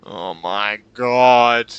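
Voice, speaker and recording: A man streaming a game in casual chat, out of breath, reacting excitably and swearing. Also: mid-range voice, extremely slow, clean tone, highs cut off. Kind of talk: casual live-stream chat while gaming.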